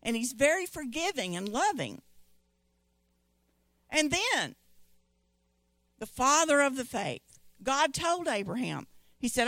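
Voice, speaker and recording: A middle-aged woman, preaching a sermon and retelling scripture stories in an animated way. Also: high-pitched, slow, long pauses, dry recording. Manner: storytelling, animated quoting of scripture voices.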